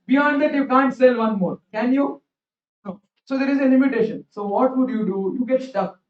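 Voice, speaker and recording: A man teaching an exam revision class, telling stories in an animated way and repeating his phrases. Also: very high-pitched, moderate pace. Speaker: accounts teacher. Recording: roomy, distant, dull classroom recording.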